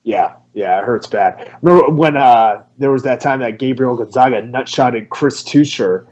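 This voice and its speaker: A man's voice: medium pitch, moderate pace, darkish tone, lo-fi sound. A man who coaches martial arts, co-hosting a casual podcast with crude, joking banter.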